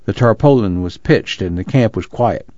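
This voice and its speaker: A man narrating an audiobook in a measured, even reading. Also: fairly low pitch, no room sound, highs cut off.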